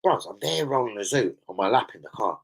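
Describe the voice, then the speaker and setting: A man's voice: mid-range voice, lively intonation, brisk, vocal fry, rough recording. A man with a London accent chatting on a live stream about football, slangy and sweary, rambling through anecdotes from indoors at home. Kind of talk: casual live-stream chat.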